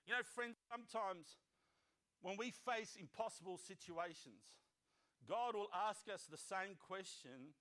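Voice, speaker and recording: A male pastor delivering a sermon with a high, bright voice. He reads scripture, then slips into casual, jokey asides and acts out the voices in the story. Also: animated, a little slow.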